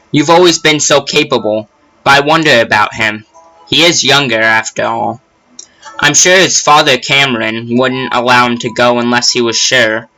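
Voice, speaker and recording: A man's voice: medium pitch, pushed and bright, natural voice, rough recording. A man voicing an emotional old mother in a video game, reading her lines with a fussy put-on accent.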